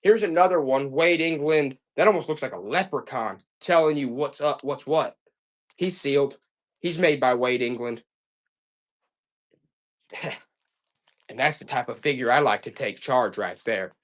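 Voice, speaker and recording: A man's voice: mid-range voice, a little slow, pauses often. A man selling vintage items on a live stream, chatting to viewers in a repetitive, hyped-up sales patter. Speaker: live auction seller.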